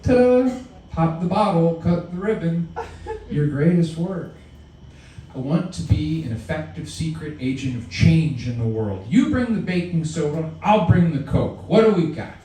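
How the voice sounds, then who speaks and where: A man's voice: on the high side, lively intonation, unhurried, far from the mic, a little hiss or hum. Guy reading poems at a venue, super echoey room, mic way back from him. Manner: theatrical, swinging from shouts to murmurs. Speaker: poet. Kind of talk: live poetry reading.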